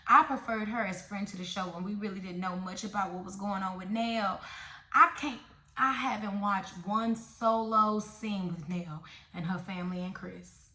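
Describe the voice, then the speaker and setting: A woman's voice: medium pitch, pushed and bright. Sassy blunt woman in an echoey room. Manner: sassy, blunt, repetitive, talks straight to viewers. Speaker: reality TV recap vlogger. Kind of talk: casual opinionated show review.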